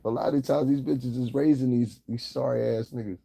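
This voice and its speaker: A man's voice: mid-range voice, steady tone, a little fast, vocal fry, dark tone, breathy edge, no room sound. A man hosting a livestream, talking crudely and casually to his chat, roasting viewers and laughing often. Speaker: livestream host. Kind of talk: casual profane commentary to chat.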